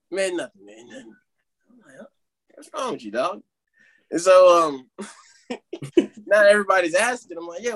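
A young man casually telling a funny story to friends on a podcast, animated and laughing along. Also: high-pitched. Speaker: podcast co-host.

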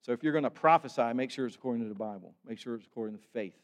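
A man preaching a sermon to his congregation, conversational and animated, with asides to the listeners. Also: mid-range voice, very fast. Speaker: pastor. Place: church sanctuary. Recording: long church reverb.

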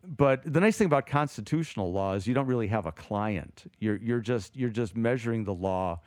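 A man co-hosting a casual theology talk show, animated and thinking aloud with frequent restarts. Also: fairly low pitch, fairly quick, dry recording. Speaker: podcast co-host, theologian.

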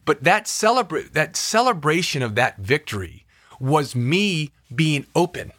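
A man's voice: fairly high pitch, big pitch swings, unhurried, fairly bright tone, no room sound. A man, a podcast co-host and actor, chatting casually and telling an enthusiastic personal story.

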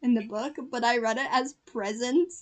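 High-voiced young woman, casual chatty co-host, giggly and rambling. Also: fairly even intonation, fairly quick. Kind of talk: casual chat.

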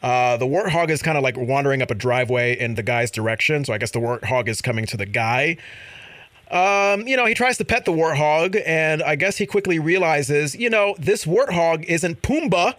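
Guy hosting a chat show, bouncy pitch, dry close studio sound, keeps laughing and doing little voices. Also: moderate pace, no room sound. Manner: animated, laughing, acts out quotes. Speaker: show host. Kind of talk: casual chat about viral videos.

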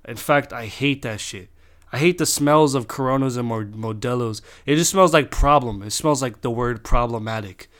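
A man's voice: medium pitch, normal speed, fairly bright tone. A young man telling a long personal story in a rambling, casual way, swearing constantly and restarting his sentences.

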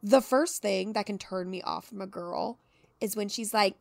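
A woman's voice: medium pitch, steady tone, normal speed, gravelly, no room sound. A young woman co-hosting a book podcast, chatting casually, laughing a lot and acting out her reactions. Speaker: podcast co-host.

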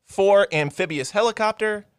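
Upbeat young man hosting, slightly high voice. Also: moderate pace, clean tone, no echo, studio quality. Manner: enthusiastic, profane, reads stats and lists. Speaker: podcast host. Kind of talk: casual movie podcast banter.

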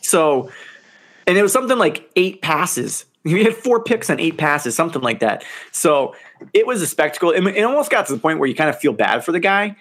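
Animated, laughing sports podcast man. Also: a little high, brisk. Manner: animated, laughs often, swears. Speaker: podcast co-host. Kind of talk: casual sports chat.

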